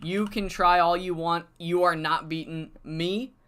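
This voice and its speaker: A cocky female wrestler throws down a taunting challenge, as a streamer reads her lines in his own slow, bright voice. The tone is smooth and clear, unhurried and defiant. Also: medium pitch, steady tone, natural voice.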